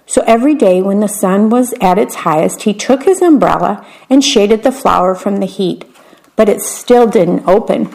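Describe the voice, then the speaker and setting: A woman reading picture books aloud in a gentle, unhurried way, describing the pictures as she goes. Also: medium pitch, vocal fry, rough recording. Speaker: storyteller.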